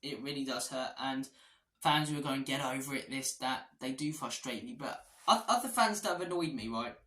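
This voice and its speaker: A man's voice: mid-range voice, normal speed, sharp tone. A man giving a passionate, opinionated match preview as a football fan vlogger. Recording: echoey room.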